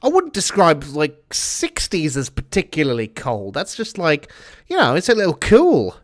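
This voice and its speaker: A male game streamer talks in a put-on British accent, cursing casually and answering his chat as he plays. His voice sits a little high for a man. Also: wildly swooping pitch, normal speed. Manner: chatty, swears often, answers chat while playing. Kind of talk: casual gameplay commentary.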